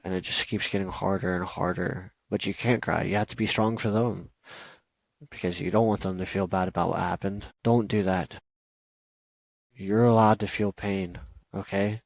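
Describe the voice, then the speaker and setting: A man's voice: low voice, steady tone, normal speed, gravelly, no echo, poor audio. A man hosting a solo podcast, earnestly giving advice on letting go of love, with many "you know" and "okay?" asides. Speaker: podcast host.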